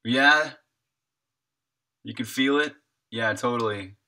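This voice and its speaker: A man's voice: medium pitch, slow, sharp tone. A young man who makes indie games, chatting casually with his viewers while he works. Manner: chatty, answers chat questions while working. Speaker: indie game developer and streamer. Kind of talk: casual live-stream chat with viewers.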